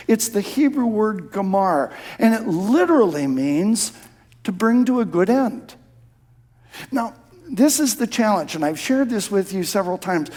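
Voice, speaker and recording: A male pastor preaching a sermon, dropping to a soft hush for prayers and rising to emphatic shouts on key phrases. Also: high-pitched, animated, a little slow. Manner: drops to a soft hush when quoting prayer.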